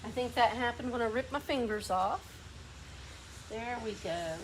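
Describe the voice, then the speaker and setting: A woman's voice: fairly high pitch, normal speed, slight background noise, poor audio. A woman with a lazy Southern drawl hosting a painting demo in a workshop, chatting and coaching a helper as she works. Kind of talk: hands-on demonstration.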